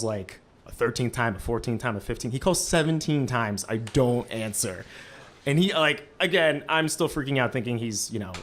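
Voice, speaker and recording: A man in his twenties telling a lively first-person story on a small stage, talking through a microphone and filling his sentences with "like". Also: mid-range voice. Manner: lively, heavy use of "like" fillers. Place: stage of a small live-event venue.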